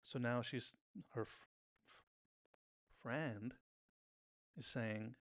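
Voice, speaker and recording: Male podcast host, gravelly voice, chatty TV-recap delivery, dry close mic. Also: mid-range voice, fairly even intonation, extremely slow, no room sound. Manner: chatty, retells scenes by briefly mimicking characters' lines. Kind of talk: casual episode recap commentary.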